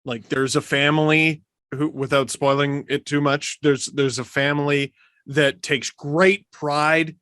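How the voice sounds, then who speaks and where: Brief: male podcast host in his thirties, bright and sharp tone, dry close sound, gushing and excitable. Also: on the high side, smooth, no echo. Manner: excitable, gushing, quick to laugh. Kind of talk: casual chat.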